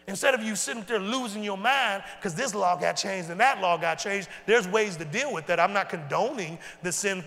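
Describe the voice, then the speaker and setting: High, gravelly-voiced preacher man. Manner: preaching with rhetorical questions, swinging from loud to hushed; casual folksy phrasing. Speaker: pastor. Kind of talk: sermon. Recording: long reverb in a large hall.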